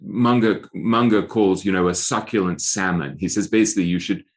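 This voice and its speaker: A middle-aged man speaking as an author guest in an interview, thoughtful and often repeating words as he searches for phrasing. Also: low-pitched. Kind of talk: conversational interview.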